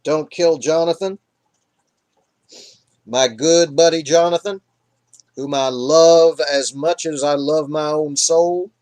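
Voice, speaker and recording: A man's voice: fairly high pitch, steady tone, slow pace, long pauses, darkish tone. A man voicing a casual, folksy young man explaining himself in a retold story. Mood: earnest.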